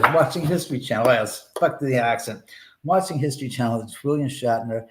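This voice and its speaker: A man with a mid-range voice hosts a live stream from his home, casually telling a rambling, profane story and restarting often. The recording has a roomy echo and a slight hiss or hum.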